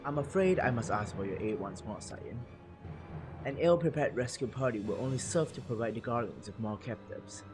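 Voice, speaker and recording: A man's voice: mid-range voice, animated, moderate pace, close to an everyday voice. Dude playing a serious commander guy from a game, formal and bossy, kinda raised voice, game music behind. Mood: grave. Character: stern male resistance commander, grave. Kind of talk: reading game dialogue aloud.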